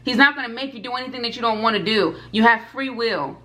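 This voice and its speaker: A woman in her twenties speaks to her camera audience with fervor. She leans on repetition and emphasis. Her voice sits a little high and rings bright and forceful. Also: fast talker. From United States. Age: 20s. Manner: addresses viewers directly. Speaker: food vlogger. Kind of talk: personal testimony to camera.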